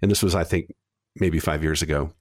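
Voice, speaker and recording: A man hosting an interview, speaking in a thoughtful, measured way and affirming what his guest says. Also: rumbling low, steady tone, a little mellow, no echo, clean studio sound. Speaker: interviewer host. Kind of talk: conversational interview.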